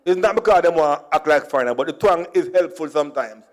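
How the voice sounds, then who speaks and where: A man from Jamaica with a clear Jamaican accent tells funny stories from his life as a conference speaker. He jokes easily and drops into Patois phrases, in a somewhat high voice. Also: lively intonation, fast talker. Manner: jokey, slips into Jamaican Patois. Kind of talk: humorous storytelling speech.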